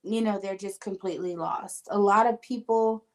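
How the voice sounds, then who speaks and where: A woman's voice: mid-range voice, steady tone, moderate pace. A woman hosting a casual talk show as a spiritual medium, telling earnest, emotional stories and quoting the voices of others. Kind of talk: casual podcast conversation.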